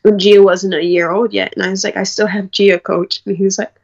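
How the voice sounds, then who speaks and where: A woman's voice: medium pitch, flat delivery, a little fast, hardly any pauses, highs cut off. A young woman from New York, a college track athlete, talking candidly in an interview and quoting people as she tells her story. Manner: candid, storytelling with quoted dialogue.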